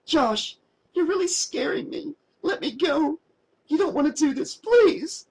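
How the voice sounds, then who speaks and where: A man's voice: sits high, big pitch swings, slow, slight background noise, pitched above the performer's own voice, heavily acted. A man voicing a panicky valley-girl teen. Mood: panicked. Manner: pleading, panicky, says "like" a lot. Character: frightened teenage girl, valley-girl talk.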